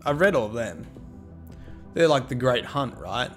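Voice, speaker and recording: A man's voice: mid-range voice, big pitch swings, a little slow, soft background music. A man streaming a game and chatting casually with his viewers, cheeky and joking as he thanks them and teases the chat.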